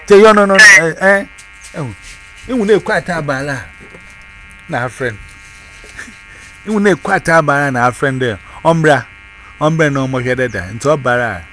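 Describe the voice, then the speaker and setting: A man talks casually and tells a story with a lively, swooping voice that sits a little high. He moves between Twi and English as he goes. A faint hiss runs under the recording. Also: unhurried, long pauses. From Ghana. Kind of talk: casual chat.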